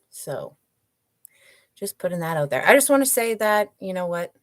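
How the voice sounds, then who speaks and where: A woman drag performer hosting her own show, rambling in casual, profane chat with a hushed, low delivery. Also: sing-song, normal speed.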